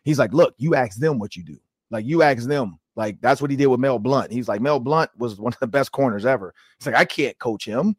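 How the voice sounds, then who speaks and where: A man in his forties hosting a sports podcast, telling stories in a casual, animated way and acting out quotes with lots of "like.". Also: medium pitch, a little fast, slightly rough, dry recording, clean studio sound. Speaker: podcast host.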